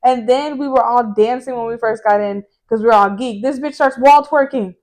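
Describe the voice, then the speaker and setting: Young woman cohost, higher voice, jumping in with details, lotta cussing. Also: normal speed, a little mellow. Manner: chiming in and adding details, slangy and profane. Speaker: podcast co-host. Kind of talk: casual chat.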